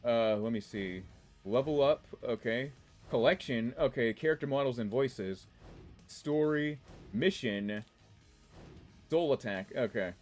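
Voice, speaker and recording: Reading chat on a relaxed game stream, a man in his twenties from the DC area rambles, chats, and laughs a lot, his accent mixing DC-area and New York features. His voice is mid-range and darkish, a bit slow with frequent pauses, and faint music plays behind him.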